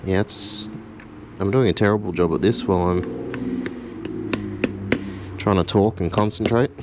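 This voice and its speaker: Deep-voiced man explaining car work. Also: measured pace, noisy background. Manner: relaxed, chatty, self-deprecating, with easy chuckles. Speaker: home mechanic host. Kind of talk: casual how-to narration.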